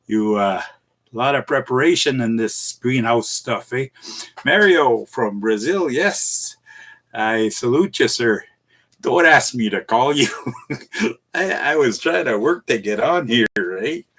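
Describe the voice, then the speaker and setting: Slow, rambling man chatting on a livestream. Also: mid-range voice, fairly bright tone. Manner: rambling, chuckling, halting with many restarts. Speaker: live streamer. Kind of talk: casual livestream chat with viewers.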